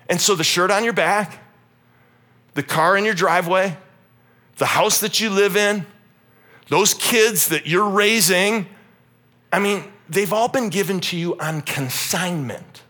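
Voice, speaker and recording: A man in his forties delivering a church sermon in a bright, forceful voice with fairly high pitch. He preaches in an animated, joking way and keeps slipping into acted-out quotes. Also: normal speed. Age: 40s. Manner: animated, humorous, acts out quotes. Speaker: pastor.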